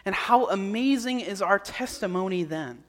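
A man's voice: sits high, animated, moderate pace, fairly bright tone. A man preaching a sermon as pastor, earnest and repeating his key points. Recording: long hall reverb.

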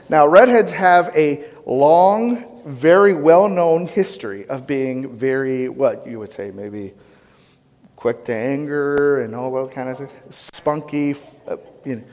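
Animated preacher man, higher voice. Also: unhurried, big-room sound. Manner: animated storytelling, questions to the congregation. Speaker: pastor. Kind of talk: sermon.

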